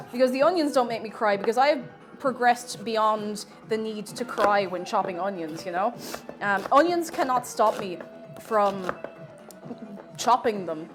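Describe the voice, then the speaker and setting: A woman streamer chatting casually while cooking, rambling through deadpan absurd jokes. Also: on the high side.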